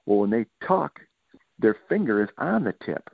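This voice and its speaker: A man's voice: fairly low pitch, moderate pace, creaky, husky, no echo. A middle-aged man from Michigan, a football coach, giving a podcast interview and telling stories animatedly, acting out what players said. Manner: animated storytelling, acts out players' quotes. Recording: tinny phone-like line, dry.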